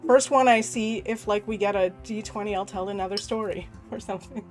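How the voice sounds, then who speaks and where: A woman's voice: medium pitch, fairly quick, music in the background. Chatty woman game master on a call. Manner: chatty, laughs often, apologetic asides. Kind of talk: casual chat while running a tabletop game. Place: online group video call. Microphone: home computer mic on a video call.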